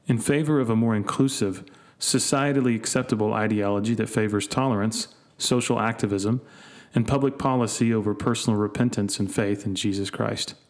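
A man reading a scripted intro in an earnest, measured way, building through rhetorical questions. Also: mid-range voice. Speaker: narrator of intro. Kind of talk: scripted narration.

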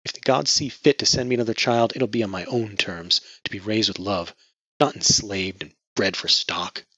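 A man voices a grieving young woman who is bitter and defiant, his raised voice near tears and full of anguish. His pitch is fairly low with fairly even intonation at normal speed, and the tone is bright and forceful with a breathy edge. The recording is dry, with dull lo-fi audio.

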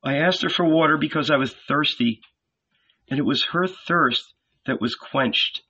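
A man reading an audiobook, voicing a calm, patient teacher figure. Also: on the high side, measured pace, husky, muffled recording, exaggerated voice. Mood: gentle. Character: calm gentle male teacher, patient and solemn.

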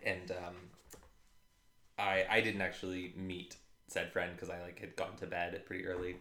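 A man with a lowish voice and a bright, forceful tone co-hosts a casual podcast and drops dry, joking asides. His voice carries the echo of the room. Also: little pitch movement, moderate pace. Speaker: podcast co-host. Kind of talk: casual chat.

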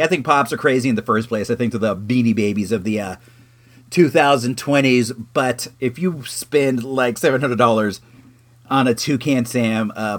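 A man hosting an internet radio show, chatting casually in a rambling way with many fillers. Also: mid-range voice. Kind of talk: casual radio segment monologue.

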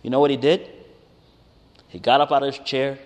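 A man preaching a conversational sermon, telling a personal story with animated, emphatic rises. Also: medium pitch, fairly quick. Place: church hall with congregation. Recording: reverberant hall.

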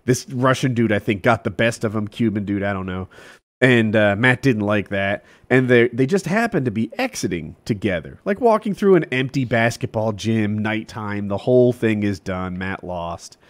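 A man co-hosting a casual podcast, his pitch swinging widely as he tells stories. He acts out the people in his stories, sometimes in loud outbursts. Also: normal speed. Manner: animated storyteller, acts out quotes loudly. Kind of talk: casual storytelling chat.

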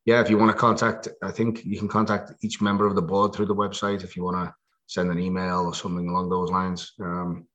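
A man in his late forties from Liverpool with a Scouse accent softened by American speech, telling stories easily in a casual interview. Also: low-pitched, monotone, a little fast, muffled recording. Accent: Liverpool (Scouse), with some American. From Liverpool, England. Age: late 40s. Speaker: guest, EMS worker.

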